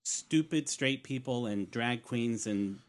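A man's voice: mid-range voice, takes it slowly. A man co-hosting a casual podcast, chatty and laughing often, trailing off with fillers. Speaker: podcast co-host. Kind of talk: casual chat.

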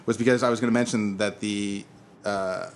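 A man's voice: fairly low pitch, fairly even intonation, normal speed, a little hiss or hum. A man in his thirties co-hosting a casual podcast chat, telling rambling stories and laughing at them. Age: 30s. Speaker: podcast co-host.

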